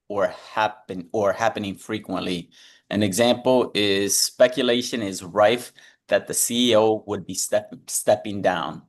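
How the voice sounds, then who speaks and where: A man acting as grammarian at an online club meeting, brief and matter-of-fact. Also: fairly low pitch. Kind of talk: meeting report. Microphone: video call.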